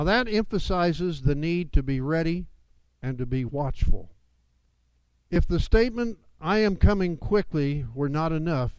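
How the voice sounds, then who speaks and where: Emphatic preaching man, smooth voice. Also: fairly high pitch, darkish tone, no echo, rough recording. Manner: emphatic preaching with rising and falling delivery. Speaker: pastor. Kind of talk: sermon.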